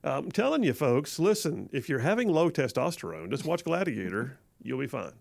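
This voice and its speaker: Male radio host, gravelly voice, dry studio sound, animated. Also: mid-range voice, normal speed, no echo. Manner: animated, quotes movie lines with gusto. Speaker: radio talk show host. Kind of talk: casual radio talk. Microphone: studio microphone.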